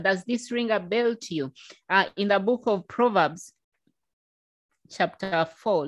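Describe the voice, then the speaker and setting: Woman preacher, slow and drawn out, fervent, repeats herself, breaks into tongues now and then. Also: medium pitch, no room sound. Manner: slow, drawn-out emphatic delivery. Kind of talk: sermon.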